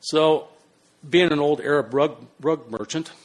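An older man telling a personal story in an animated, swearing way, swinging between hushed and loud. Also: fairly high pitch, unhurried. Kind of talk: spoken personal anecdote.

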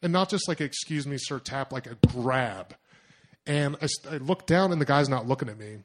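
A young man telling a personal story to an audience, animated and self-mocking, acting out his own thoughts in asides. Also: mid-range voice, normal speed. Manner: animated, self-mocking, lots of fillers and acted-out inner voices.

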